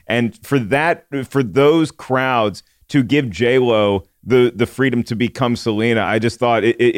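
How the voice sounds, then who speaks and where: Earnest man with a smooth voice. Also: medium pitch, dry recording, clean studio sound. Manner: thoughtful, earnest, stumbles on words. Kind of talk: casual chat.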